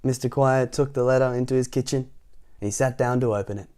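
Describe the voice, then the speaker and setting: A man reading a picture book aloud in a playful, animated way, often asking the listener questions. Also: mid-range voice, a little fast, clean tone. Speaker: storytime reader.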